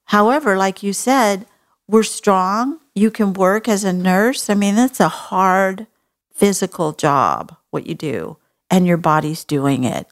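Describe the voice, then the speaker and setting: A woman's voice: mid-range voice, takes it slowly. A woman from Texas with a Texan accent, hosting a podcast in a folksy, earnest and compassionate way. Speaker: podcast host. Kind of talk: casual interview chat.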